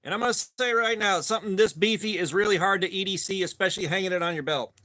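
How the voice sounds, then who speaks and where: A man's voice: sits high, fast, pushed and bright. A man hosting a casual live stream, greeting viewers by name and rambling chattily between topics. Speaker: livestream host.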